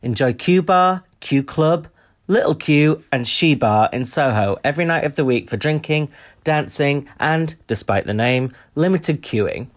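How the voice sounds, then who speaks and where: This is a podcast co-host chatting casually, and the pitch swings widely from line to line. The delivery is playful and teasing, with quick puns and ready laughter throughout. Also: animated. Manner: laughs often. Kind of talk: casual chat.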